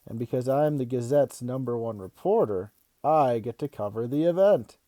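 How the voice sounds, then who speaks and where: A man reading aloud and voicing an excitable, playful father who loves to tease and can barely contain his news. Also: medium pitch, moderate pace, no echo, close to an everyday voice. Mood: excited. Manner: eager and loud, teasing. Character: excitable, bouncy adult father, playful joker.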